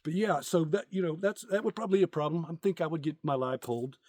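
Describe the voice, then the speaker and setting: A man's voice: on the high side, expressive, fast talker, darkish tone, no room sound, studio quality. Crude, rambling middle-aged man joking outdoors. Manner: crude, rambling joke-telling with many fillers. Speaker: content creator. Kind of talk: casual comedic vlog.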